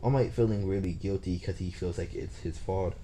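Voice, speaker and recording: Male storyteller, deep and mellow voice, loosely improvising a fan story while working out the plot aloud. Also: a little fast, slight background noise. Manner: thinking aloud, plotting as he goes. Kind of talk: casual improvised story retelling.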